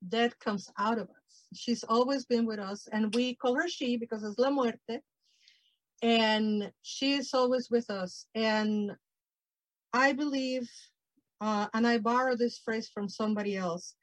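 A woman speaks passionately and expressively to an online audience, her voice pitched a touch high. The sound is dry and close, like a video call with no room echo. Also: a little slow. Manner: passionate, expressive, grows emotional. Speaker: presenter. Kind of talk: heartfelt virtual presentation.

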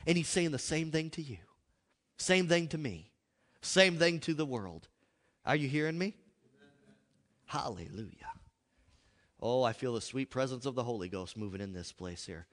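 A male pastor preaching a sermon, swinging between loud outbursts and hushed asides. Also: mid-range voice, lively intonation, normal speed, long pauses. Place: church. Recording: echoey hall.

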